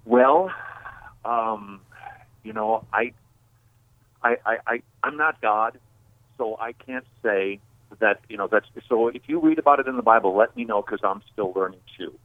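A man's voice: fairly low pitch, a little slow, dry recording. A man calling in as a guest, talking in an emphatic, preaching way that builds to bold declarations. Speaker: call-in guest. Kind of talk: phone-in discussion, preaching. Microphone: phone. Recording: tinny phone line.

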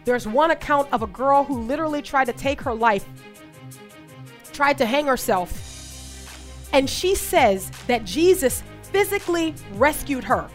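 A woman's voice: high-pitched, expressive, measured pace, soft background music. A woman co-hosting a faith talk show, speaking with passion and repeating phrases for emphasis. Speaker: co-host.

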